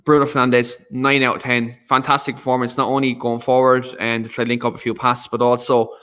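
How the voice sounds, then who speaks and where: A man's voice: medium pitch, flat delivery, fairly quick, a bit bright, smooth. A man hosting a casual football chat, reading out viewer comments between filler words. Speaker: host.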